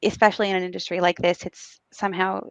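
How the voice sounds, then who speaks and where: A woman speaking as a business executive guest on a podcast, answering in a reflective, measured way with frequent ums. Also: on the low side, level tone, dry recording.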